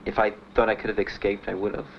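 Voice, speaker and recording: A young veteran gives testimony in a slightly low voice, plain and halting, full of pauses and fillers. The recording is muffled and dull, like an old 1970s archive tape. A faint hiss sits under his voice. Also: flat delivery, creaky. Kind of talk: spoken testimony.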